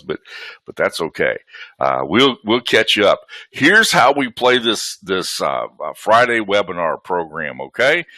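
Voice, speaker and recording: There's no echo as this man with a Southern US accent, his voice deep, bright and forceful, hosts a live webinar from his home. Greeting attendees by name, he keeps the chat folksy.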